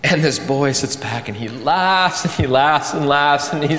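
Animated preacher in an echoey hall. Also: male voice, a little high, a little slow. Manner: animated storytelling, voice rising for drama, sinking for solemn points. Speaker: pastor. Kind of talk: sermon.

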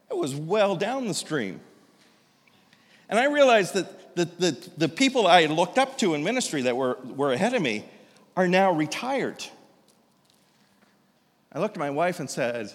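Casting: man in his fifties, pastor, lively storytelling sermon, slightly high voice, long hall echo. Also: moderate pace, long pauses. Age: 50s. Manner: animated, self-deprecating storyteller with many restarts.

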